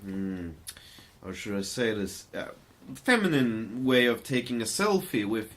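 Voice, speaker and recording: A man's voice: on the low side, big pitch swings, a little slow, a bit bright. A man co-hosting a podcast in casual chat, profane and rambling, with hesitant fillers. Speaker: podcast co-host.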